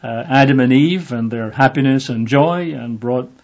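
A man teaching from the Bible in a relaxed, conversational way, with lots of fillers, sometimes acting out the voices in the passage. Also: mid-range voice, normal speed. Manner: conversational, with many fillers, acts out voices in the reading. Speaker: preacher. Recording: dull lo-fi audio.

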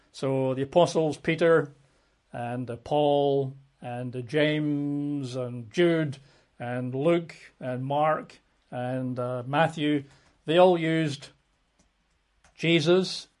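Male Bible teacher, slightly higher voice, casual and wry, dry asides. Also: darkish tone.

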